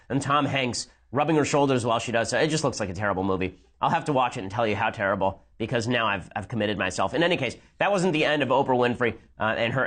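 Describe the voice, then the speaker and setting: A man giving rapid, sarcastic commentary as he reacts to a speech and argues his point. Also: mid-range voice, lively intonation, fairly bright tone. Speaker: political commentator.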